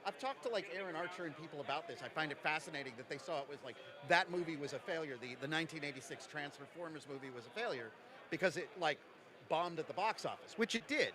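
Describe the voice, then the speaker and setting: A man from Jersey City, a game designer, joking quickly through a casual convention interview. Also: fairly high pitch, lively intonation, a crowd in the background. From Jersey City, USA. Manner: jokey, quick, self-mocking. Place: convention lounge.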